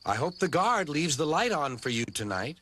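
A man's voice: a little slow, a little hiss or hum, full character voice. A man with an American accent voicing a small, cheeky young male tank engine who scares easily. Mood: teasing. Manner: high, excitable and squeaky. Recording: music playing behind the voice.

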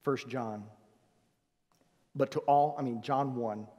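A male pastor preaching a sermon, swinging from loud emphasis to soft, hushed phrases. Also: medium pitch, steady tone, takes it slowly, long pauses. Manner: swings from loud emphasis to near-whispered softness. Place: church sanctuary. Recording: long reverb of a church hall.

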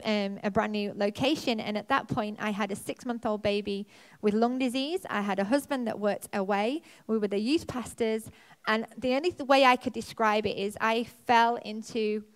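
Woman pastor, church sermon, fairly high voice, animated storytelling. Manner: animated storytelling, pitch jumping up when reliving moments. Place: church auditorium.

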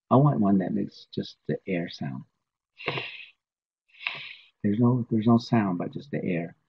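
Slow gravelly man teaching a language. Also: deep voice. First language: Navajo. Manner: slow, patient, repeats words for learners. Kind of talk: informal spoken lesson. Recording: tinny phone-like audio.

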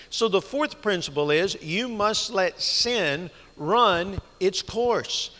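A man's voice: sits high, animated, slow pace, hardly any pauses, bright, forceful tone. A man preaching a sermon as a guest speaker, telling stories earnestly and asking the congregation rhetorical questions. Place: church sanctuary. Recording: long church reverb.

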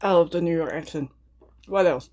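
A woman's voice: fairly low pitch, moderate pace, a little mellow. Woman mukbang host, casual chatty talk, eating between remarks, young adult. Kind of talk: casual chat to viewers while eating.

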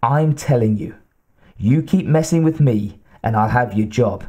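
A man's voice: mid-range voice, measured pace, mellow, slightly rough. A man voicing a blustering, furious police captain who bellows and growls his orders, in an audiobook reading.

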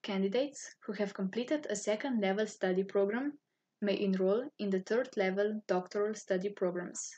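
Woman, English, husky breathy tone, formal scripted narration. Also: mid-range voice, normal speed. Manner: formal, even-toned reading. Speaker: university student office staff.

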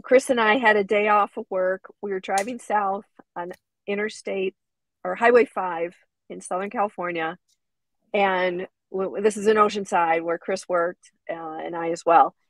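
Middle-aged woman, medium pitch, chatty, tells a story w quotes, dry close mic. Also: steady tone, moderate pace, no echo, low-quality recording. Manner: chatty, laughs easily, retells quotes. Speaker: co-host. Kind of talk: casual storytelling.

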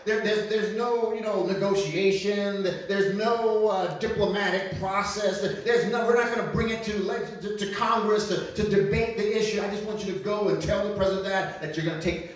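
Alone with a camera in a large, echoey room, a pastor gives a conversational sermon, repeating himself and putting questions to his listeners. His voice is high at a moderate pace, and the distant mic catches heavy reverberation.

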